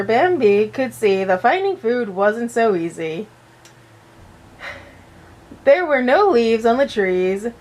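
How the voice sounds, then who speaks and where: Chatty woman reading a storybook aloud. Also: on the high side. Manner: chatty, joking asides. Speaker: vlogger. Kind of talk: storybook reading with casual asides.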